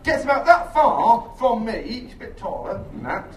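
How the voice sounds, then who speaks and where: A man doing a rambling, sweary, self-mocking stand-up set on a theatre stage, with bursts of shrill shouted impressions. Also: sing-song, normal speed. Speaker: stand-up comedian. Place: theatre stage with a laughing audience. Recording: echoey live room, distant, audience noise.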